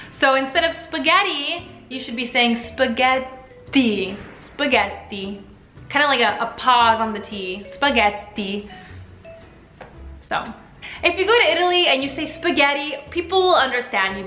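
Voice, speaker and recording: A woman's voice: a little high, sharp tone, reverberant. An American woman in young adulthood, chatting to camera as a vlogger in an upbeat, playful way. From United States. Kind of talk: casual talk to camera.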